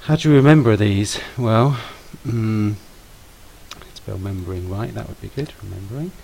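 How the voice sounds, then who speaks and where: A man's voice: lowish voice, normal speed, gravelly, darkish tone, poor audio. A man teaching grammar to pupils in a patient way, stressing and repeating words. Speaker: language teacher.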